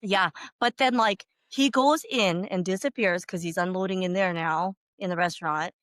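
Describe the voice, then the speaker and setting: A woman whose first language is not English, telling a story on a podcast. She is animated, laughs often, swears freely and fills her talk with "like". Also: lowish voice, normal speed, no room sound, clean studio sound. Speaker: podcast co-host. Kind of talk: casual storytelling.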